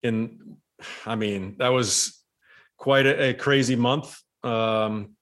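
A former baseball player telling a story in casual chat, rambling and animated with many restarts. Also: male voice, mid-range voice, slow.

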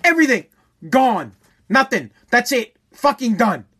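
A man's voice: very high-pitched, sing-song, a little slow, pushed and bright, slightly rough. A man hosting a show, delivering a heated, profane opinion rant and repeating phrases for emphasis.

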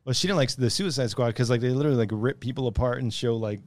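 A man's voice: mid-range voice, fast, a little mellow, no room sound. A man co-hosting a podcast, telling a story in rambling casual chat full of "like". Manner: rambling, heavy use of "like". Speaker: podcast co-host.

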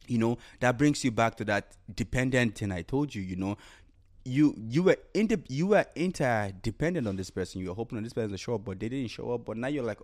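Animated man on a solo podcast. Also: lowish voice, moderate pace. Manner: animated, acts out quoted inner voices, repeats phrases. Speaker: podcast host.

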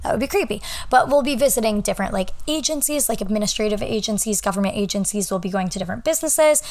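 A woman's voice: medium pitch, expressive, quick pace, a little mellow. A young woman in her twenties, a law student hosting a podcast, talking in a rambling, casual way full of "like" and "um". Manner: rambling, chatty, frequent "like" and "um". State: yawning, a little tired. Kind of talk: casual solo podcast chat.

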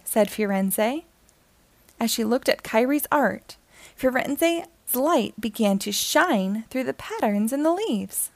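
A woman reading a children's picture book aloud, telling the story in a gentle, expressive way. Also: fairly high pitch, takes it slowly, no echo.

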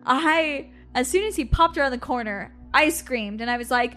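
A woman co-hosting a podcast, telling a personal story in casual chat. She laughs often and acts out her own past lines with lively energy. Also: fairly high pitch, unhurried, few pauses, faint music behind. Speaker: podcast co-host.

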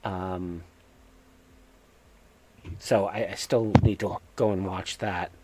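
A man with a New England accent talks through a casual podcast chat. His voice sits low and he takes his time, pausing often with fillers as he gathers his thoughts. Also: fairly even intonation, noisy background. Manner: hesitant, many filler pauses. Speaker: podcast co-host.

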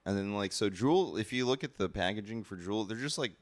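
A man's voice: lowish voice, expressive, fairly quick, no echo. A man in casual podcast chat, rambling with lots of fillers and frequent laughter.

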